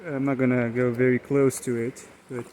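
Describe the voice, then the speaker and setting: A man's voice: mid-range voice, flat delivery, normal speed, darkish tone, slight background noise. A young man with an Eastern European accent vlogging outdoors in woods by a pond, rambling and letting out playful exclamations and yelps while filming on a handheld camera. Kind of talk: casual outdoor vlog narration.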